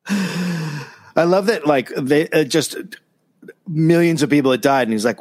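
A man's voice: fairly high pitch, slow, long pauses, a little mellow. A man co-hosting a comedy history podcast, reading from notes and adding dry, sarcastic asides. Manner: reads notes, then riffs with dry sarcasm.

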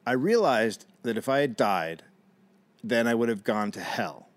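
A man's voice: mid-range voice, expressive, a little slow. A man co-hosting a comedy podcast, telling a story in casual chat and reading out quotes. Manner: storytelling, reads out quotes, jokey asides.

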